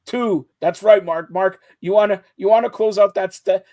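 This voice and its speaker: A man's voice: sits high, normal speed. A man hosting a casual sports chat show, teasing his co-hosts and talking over them. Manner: teasing, talks over others, animated.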